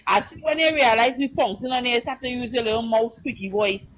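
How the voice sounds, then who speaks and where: A woman's voice: a little high, fairly quick, fairly bright tone, poor audio. A woman with a Trinidadian accent, speaking as a caller on a live-stream panel. She talks in an impassioned, emphatic way, repeats her points and keeps asking whether you understand.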